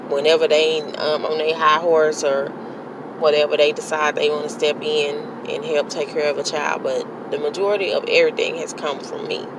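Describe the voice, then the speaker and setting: A woman's voice: low-pitched, flat delivery, normal speed, background noise. A woman vlogging in a blunt, self-motivating way, talking herself up. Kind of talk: casual vlog monologue.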